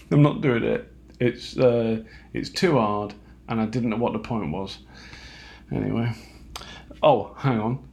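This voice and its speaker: A man talking alone at home late at night, halting and self-mocking, with lots of fillers and restarts. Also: lowish voice, steady tone, creaky, darkish tone. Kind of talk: rambling late-night monologue.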